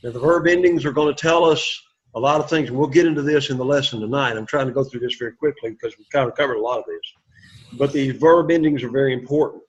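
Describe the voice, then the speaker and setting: A man's voice: medium pitch, fast. A man teaching an introductory Greek class, encouraging students and having them repeat words aloud. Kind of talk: classroom lecture. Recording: lo-fi classroom recording.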